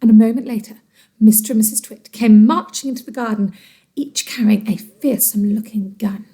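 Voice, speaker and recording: A teacher reading a storybook aloud to children, expressive and dramatic. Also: female voice, on the high side, brisk.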